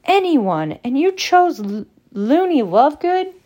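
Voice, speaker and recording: A woman's voice: on the low side, steady tone, normal speed, a little mellow, lightly acted. A woman voicing a blunt teenage boy wizard who exclaims in disbelief. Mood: incredulous.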